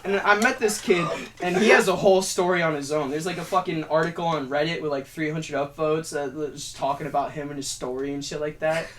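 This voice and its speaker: A young man chatting as a podcast guest, telling stories in an animated, profane way. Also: fairly high pitch, fairly quick, few pauses, slight background noise. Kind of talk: casual chat.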